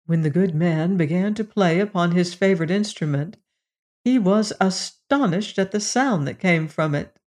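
A woman narrating a storybook with a steady, even read-aloud delivery. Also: fairly low pitch.

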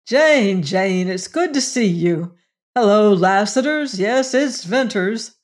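A slow storybook narrator voicing a rugged young male rider who talks loudly and heartily. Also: mid-range voice, lively intonation. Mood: hearty. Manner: loud, hearty, soothing to his horse.

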